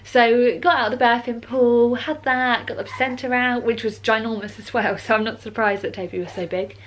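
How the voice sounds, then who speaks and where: Chatty, higher-voiced British mum. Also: female voice, steady tone, brisk, a little hiss or hum. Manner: rambling and heartfelt, with many ums and likes. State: a little emotional and teary. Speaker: mother vlogger telling her birth story. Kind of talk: casual chatty vlog.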